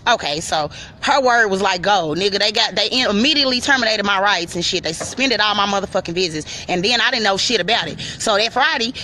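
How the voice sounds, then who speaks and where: A woman telling a personal story in a profane, animated way, talking straight to the listener. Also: mid-range voice, fast talker, few pauses, a little hiss or hum.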